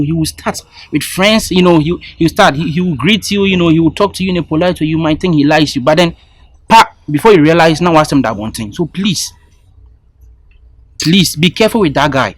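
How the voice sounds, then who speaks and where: A man's voice: on the high side, breathy edge, dry recording. A man acting in a comedy sketch, earnestly warning and advising someone.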